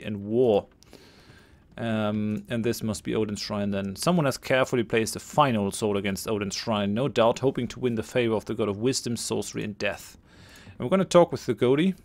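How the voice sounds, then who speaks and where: A man hosting a let's play, thinking aloud as he plays and reads game text aloud. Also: on the low side. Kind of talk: gameplay commentary.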